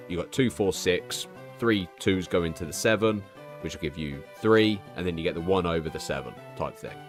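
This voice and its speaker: A man in his thirties chatting casually on a live stream, telling a candid, profane, rambling story full of restarts. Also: sits low.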